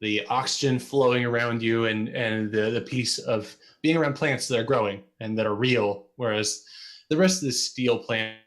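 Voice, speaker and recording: A man's voice: mid-range voice, moderate pace. A male game master describing the scene to his players. He rambles, restarts phrases and keeps things easygoing. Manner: rambling, repeats words, relaxed and friendly. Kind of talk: narrating a tabletop game.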